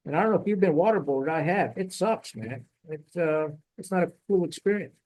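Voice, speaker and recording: Man, ex-Marine interview guest, blunt, salty war storyteller, somewhat high voice. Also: lively intonation, brisk, darkish tone.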